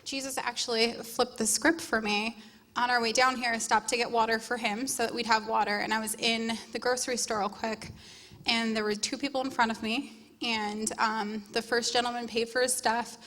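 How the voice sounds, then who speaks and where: A woman sharing a casual testimony, telling her story in a quick, animated way. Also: fairly high pitch. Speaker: conference attendee sharing a testimony. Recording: long hall reverb.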